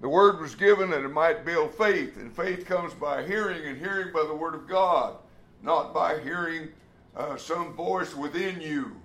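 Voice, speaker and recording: Male preacher, emphatic delivery, gravelly, slightly high voice, echoey room. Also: a little slow, a bit bright. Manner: emphatic, acts out quoted speech, occasional restarts. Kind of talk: sermon.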